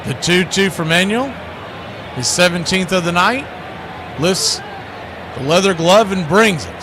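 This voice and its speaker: A man calling a baseball game pitch by pitch as the stream's play-by-play announcer, rising in excitement on big plays. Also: a little slow, long pauses, background noise.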